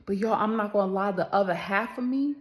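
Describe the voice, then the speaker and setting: A woman's voice: medium pitch, fairly quick. A woman, chatting casually to camera and telling a story, addressing viewers as y'all and acting out the voices in it.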